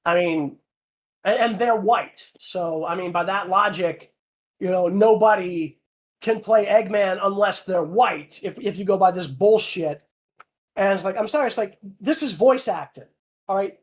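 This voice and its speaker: A voice actor on a fan channel rants heatedly during a livestream Q&A, swearing a lot and repeating words. The voice sits mid-range and moves a little slowly.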